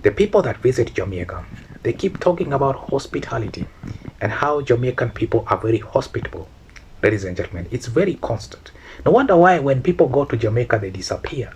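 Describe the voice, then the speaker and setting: A man hosting a casual commentary talk, repeating himself and often calling out "ladies and gentlemen" with questioning hmms and huhs. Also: mid-range voice, big pitch swings, brisk, a little hiss or hum. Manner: repetitive, addresses audience as ladies and gentlemen; peppers talk with hmm and huh. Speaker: commentary channel host.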